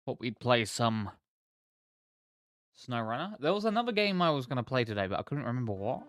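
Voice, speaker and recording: A man chats through a relaxed live stream, his voice sitting at an ordinary middle pitch. He rambles and talks to himself, words a little thick from the sweet he is sucking on. The sound is close and dry, with no room around it. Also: a little fast, pauses often, no room sound, faint music behind. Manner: relaxed, rambling, self-chatting. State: talking with a sweet in his mouth. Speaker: game streamer. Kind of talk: casual live-stream chat.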